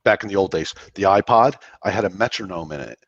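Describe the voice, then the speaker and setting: A man from the Philadelphia area, a guest on a podcast, talking rapidly and laughing at himself. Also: deep voice, husky, no echo, highs cut off. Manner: rapid, self-deprecating, laughs often. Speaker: guest, business credit expert. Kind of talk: casual interview chat.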